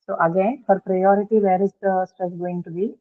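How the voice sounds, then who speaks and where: Lecturing her English class about word stress, a woman explains things patiently and keeps checking on her students. She speaks at normal speed with a medium pitch and fairly even intonation, heard through phone-like, lo-fi classroom audio.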